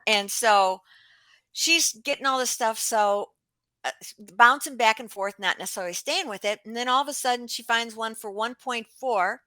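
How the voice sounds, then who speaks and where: Chatty, bright-voiced woman telling a story. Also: on the high side, normal speed, no echo. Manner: chatty, lively, acts out dialogue with quoted voices. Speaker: real estate agent, guest. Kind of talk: animated storytelling in an interview.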